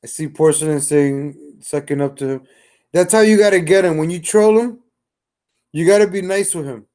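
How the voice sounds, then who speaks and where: Man, high-pitched, profane, mocking, reaction streamer. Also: moderate pace, warm tone. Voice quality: mocking, insulting, swears heavily.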